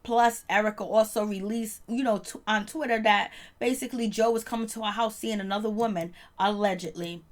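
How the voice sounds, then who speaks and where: A woman hosting a casual reality TV recap vlog, telling it in a slangy, laid-back way with quick laughs. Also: medium pitch, fairly even intonation.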